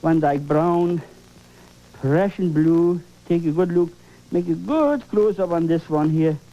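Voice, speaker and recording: A man's voice: fairly high pitch, slow, dark tone, muffled recording. A man leading a televised painting lesson, exclaiming and coaxing, repeating phrases for emphasis. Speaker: painting instructor.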